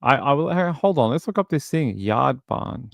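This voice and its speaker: A man's voice: a little high, animated, a little fast, a little mellow, no room sound. A man casually commenting on a true crime case during a livestream, reading and answering chat, rambling with lots of fillers. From outside the US. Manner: rambling, many fillers and restarts.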